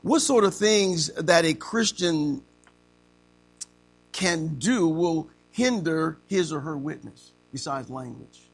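A man preaching an interactive sermon to a class, asking the room questions and acting out stories with slow, emphatic delivery. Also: a little high, soft background music.

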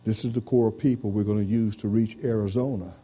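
A pastor's fairly low, steady, dark-toned voice leads an interactive church sermon in which he exchanges lines with a congregation volunteer. He keeps dropping in "amen" and "praise the Lord," and reads scripture slowly in a drawn-out King James cadence.

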